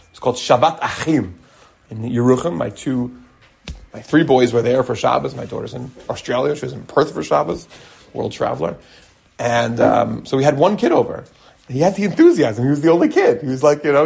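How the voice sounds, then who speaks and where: Animated husky rabbi in his forties. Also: mid-range voice. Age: 40s. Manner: animated, acts out quotes, mixes in Hebrew terms. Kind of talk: lively Torah talk.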